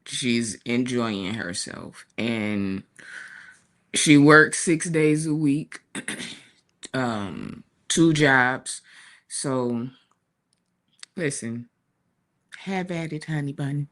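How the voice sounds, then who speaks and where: Slow-talking chatty woman. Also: rumbling low. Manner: chatty, warm storytelling with laughs and asides. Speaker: talk show co-host. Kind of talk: casual chat. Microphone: streaming studio mic.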